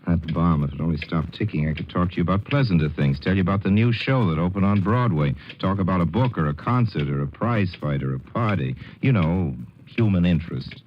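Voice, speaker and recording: A man's voice: sits low, lively intonation, a little fast, hardly any pauses, dull audio, slight background noise. A man delivering a wry, theatrical scripted commentary on a 1940s radio broadcast.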